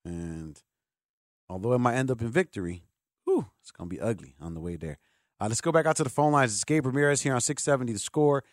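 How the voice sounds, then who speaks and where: A man hosting a sports talk radio show, animated and joking, often jumping in over the others. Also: medium pitch, fast talker, no room sound, clean studio sound.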